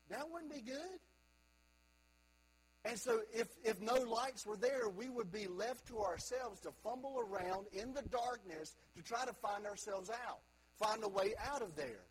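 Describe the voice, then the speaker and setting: A man preaching a sermon to a congregation, moving between quiet reflective stretches and loud emphatic calls to young people. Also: high-pitched, breathy edge, rough recording. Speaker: pastor.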